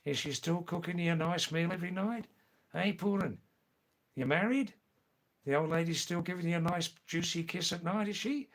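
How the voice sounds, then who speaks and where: A man's voice: high voice, normal speed, voice pushed up. A man putting on a cheeky working-class Australian bloke with a broad Australian accent, teasing with rising questions. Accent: broad Australian put on.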